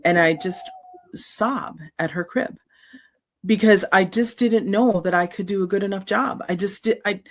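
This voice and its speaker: A middle-aged woman, an author guest, telling a personal story in an earnest, halting, emotional way. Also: mid-range voice.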